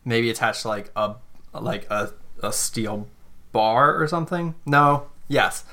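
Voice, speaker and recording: A man runs a tabletop game as its narrator, describing each scene in halting bursts. His speech is padded with fillers and restarts, carried in a middle-pitched voice. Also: sharp tone. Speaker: game master.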